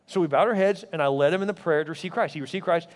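High-voiced preacher man in a reverberant hall. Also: racing. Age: 40s. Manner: animated storytelling, acting out others' lines; emphatic, repetitive exhortation. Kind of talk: sermon with personal storytelling.

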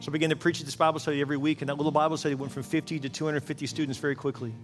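Earnest pastor preaching in a reverberant hall. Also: male voice, on the high side, racing. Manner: earnest storytelling, repeats words when excited. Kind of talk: sermon. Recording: long hall reverb with faint music.

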